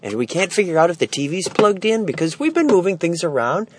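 A man's voice: sits high, sing-song, fairly quick, slight background noise. A middle-aged man telling a story about a mix-up at home, exasperated, wry and self-deprecating, stressed and tired, recording on his phone while walking through an indoor storage warehouse. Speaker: vlogger. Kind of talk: casual storytelling vlog. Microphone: phone held while walking.

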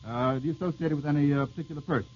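The host of this vintage radio quiz is a man with a fairly high, slightly mellow voice, and a little hiss or hum runs under the dull lo-fi broadcast. He reads listeners' questions and banters wryly with the panel, quick with a joke.

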